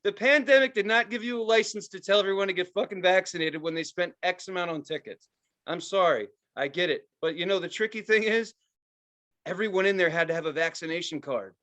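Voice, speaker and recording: A man with a fairly high voice rants through a story in loose, everyday chat. He swears constantly and sounds fed up. His delivery is that of a podcast co-host venting to a friend. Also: a little fast, a bit bright. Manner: profane, exasperated storytelling. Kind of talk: casual ranting chat.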